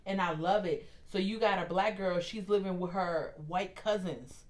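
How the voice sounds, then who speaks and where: An animated woman co-hosts a casual podcast conversation. She laughs easily and slips into playful impressions as she talks. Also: lowish voice, moderate pace. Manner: animated, laughs often, mimics voices. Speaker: podcast co-host. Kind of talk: casual chat.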